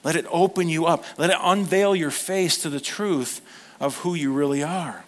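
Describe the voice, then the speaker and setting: A man preaching a sermon as pastor, earnest and animated, acting out little quoted voices and turning emotional in places. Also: on the high side, normal speed.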